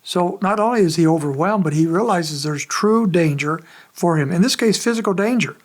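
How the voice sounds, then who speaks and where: A pastor giving an expository sermon in a conversational, measured way, pausing often as he explains the text. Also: high-pitched. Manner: conversational, measured preaching with frequent pauses.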